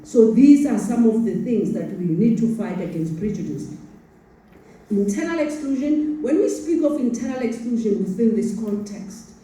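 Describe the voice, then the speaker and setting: A woman's voice: on the high side, lively intonation, normal speed, dark tone. A South African woman with a Sepedi accent gives an earnest formal address to students, often stumbling over repeated words. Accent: Sepedi-accented South African English. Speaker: conference speaker. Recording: echoey hall, voice from far off the mic.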